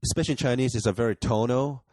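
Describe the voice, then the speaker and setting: A man's voice: medium pitch, very fast, darkish tone, no room sound. A man from Japan, a guest comedian talking bluntly and earnestly in a casual podcast chat, swearing freely.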